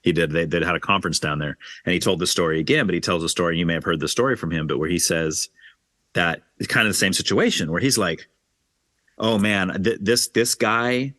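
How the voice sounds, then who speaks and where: A man hosting a casual podcast conversation about faith, telling stories with lively acted-out quotes. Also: sits low, fast, no room sound, clean studio sound. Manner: animated storyteller, acts out quoted voices. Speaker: podcast host.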